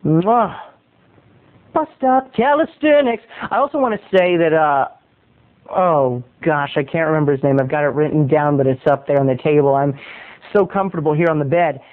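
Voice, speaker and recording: A man, a video blogger, telling a story in a chatty, animated monologue from his bed at home. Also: fairly high pitch, brisk. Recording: tinny phone-like sound.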